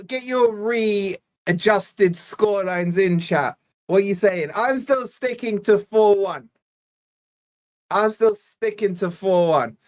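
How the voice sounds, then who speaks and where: Born in Scotland, this man hosts a live football watch-along on a fan channel in a high voice. He offers casual play-by-play and trades banter with his chat.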